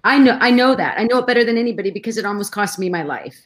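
A woman's voice: a little high, racing. Woman telling an emotional personal story. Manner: emotional, animated storytelling with restarts. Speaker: guest.

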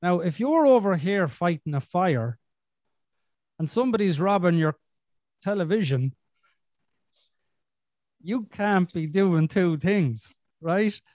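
A man's voice: sits high, animated, slow pace, long pauses, darkish tone, no room sound. A man hosting a podcast in casual chat, blunt and sweary with a self-deprecating streak. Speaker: podcast host.

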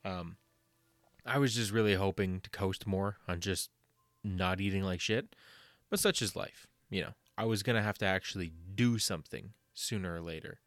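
A young man talks casually on his own podcast, rambling with plenty of fillers and self-mockery. He swears freely. His voice is lowish and the recording is close and dry. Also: normal speed, a bit bright, dry recording. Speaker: podcast host.

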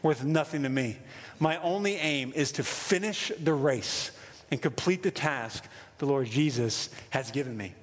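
A man preaching a sermon with an American accent, in a casual, excited way with lots of fillers. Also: mid-range voice, measured pace, big-room sound. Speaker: pastor.

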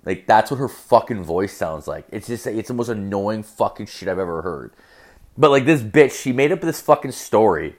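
A man's voice: on the low side, animated, normal speed. A young man telling a profane, rambling story as a rant, full of fillers and crude asides.

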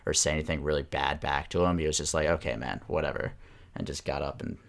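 A man with an extremely deep voice talks hockey in a relaxed, agreeable way. He chimes in, backs his partner up and adds his own points calmly. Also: quick pace. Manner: laid-back, agreeable, laughs along. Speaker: podcast co-host. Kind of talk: casual sports chat.

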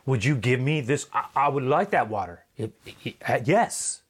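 A nervous, chatty Samaritan woman stumbles over her words and keeps doubling back on herself, as a man preaching puts her on. The voice sits well above a deep male speaking voice and pushes a bit louder, hesitant and evasive in a sermon retelling. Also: lively intonation, moderate pace, slightly rough. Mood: eager. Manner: hesitant, stammering, repeats herself.

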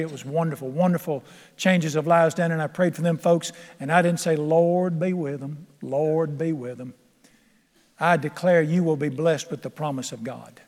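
A man, older, preaching a folksy, emphatic sermon and laughing along with his own stories. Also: on the high side. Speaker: pastor. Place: church sanctuary. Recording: long hall reverb.

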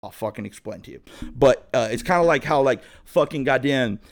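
A man's voice: medium pitch, lively intonation, fairly quick. A man in his thirties, a podcast host, telling a rambling, profane story in a laid-back way. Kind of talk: casual storytelling monologue.

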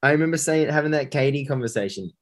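A man's voice: a little high, fast talker, slight background noise. An Australian man in a casual late-night podcast chat, rambling, swearing and laughing at his own jokes. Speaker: podcast co-host.

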